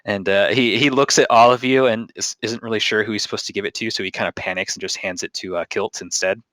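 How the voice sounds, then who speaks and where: A man runs a tabletop game with loose, joking narration that wanders between jokes and descriptions. His voice sits low, and the recording is dry and close with no room sound. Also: steady tone, quick pace, pushed and bright, no room sound, low-quality recording. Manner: loose, joking, rambling with fillers. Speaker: game master. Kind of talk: casual game-master narration.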